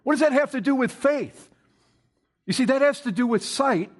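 A man's voice: very high voice, normal speed. A man preaching a sermon to his congregation, reading scripture aloud, asking the listeners questions and building to emphatic, stressed bursts. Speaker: pastor.

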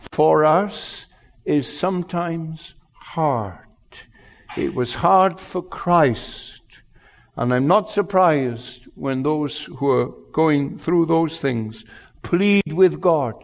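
A male pastor preaching a sermon in an earnest, unhurried way, his loudness rising and falling. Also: fairly high pitch. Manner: slow, earnest preaching with wide swings in loudness. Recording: long hall reverb.

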